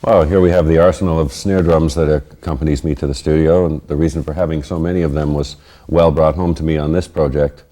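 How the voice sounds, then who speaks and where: A middle-aged man in a recording studio, explaining drum fills in a measured, thoughtful way. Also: very deep voice, steady tone, warm tone, dry recording. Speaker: drummer giving a lesson. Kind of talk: instructional explanation.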